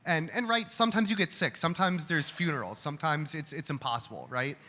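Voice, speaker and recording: A man's voice: fairly high pitch, brisk, sharp tone. A man answering audience questions at a live event, speaking candidly and conversationally, often restarting his words. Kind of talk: live Q&A talk. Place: event hall. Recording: hall reverb with faint room noise.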